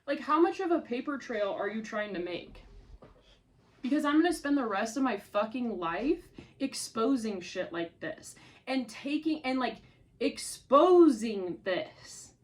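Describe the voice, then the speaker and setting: In a vlog rant, a woman content creator with a fairly high, expressive voice talks at normal speed, swearing furiously. She speaks straight at the person who has upset her, and anger strains her voice.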